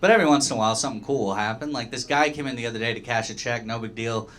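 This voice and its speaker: A man doing a stand-up comedy set in a small bar, deadpan storytelling with sudden jumps into high voices for the characters he quotes. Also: rapid-fire. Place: small dive bar with a live audience. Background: crowd laughter.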